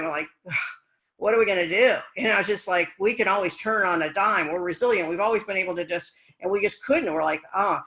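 A woman tells her story on an interview show with real energy, acting out the lines she quotes from other people. Her voice is bright and forward, with an easy, conversational flow. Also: medium pitch, rough recording. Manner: energetic, animated, acts out quoted dialogue. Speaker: guest, speaker and business coach.

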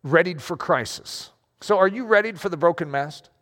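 A man preaching a sermon, talking in a lively, conversational way with self-deprecating asides. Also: high-pitched, normal speed, long reverb tail. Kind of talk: sermon with story reading.

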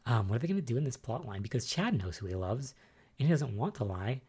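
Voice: medium pitch, quick pace, breathy edge. A podcast host recapping soap episodes in a casual solo chat, rambling and musing aloud with lots of fillers. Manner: excitable and spoiler-wary.

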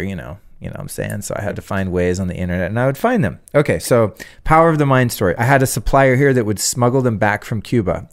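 Low-voiced man swearing through a story. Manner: profane, rambling storyteller. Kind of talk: casual podcast conversation.

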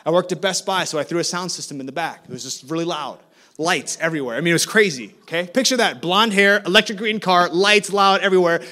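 Animated, higher-voiced male preacher. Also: quick pace. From Minnesota, USA. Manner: animated, acts out dialogue with shifting voices. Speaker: guest preacher. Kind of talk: storytelling sermon.

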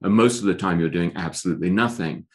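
Speaking fast in a deep voice, a middle-aged author talks through an interview. He comes across as thoughtful and tends to break off and begin his sentences again.

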